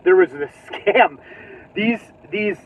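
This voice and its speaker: High-voiced man rambling from his car. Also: expressive, slow pace. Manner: rambling, laughing, trails off mid-sentence. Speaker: channel host. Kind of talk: casual driving vlog chat. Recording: tinny phone-like audio.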